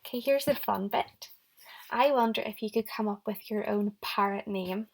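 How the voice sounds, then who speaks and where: A woman's voice: medium pitch, moderate pace. A young woman teacher giving a recorded lesson to young children, encouraging them and speaking straight to them. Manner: encouraging, talks directly to the children. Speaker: primary school teacher.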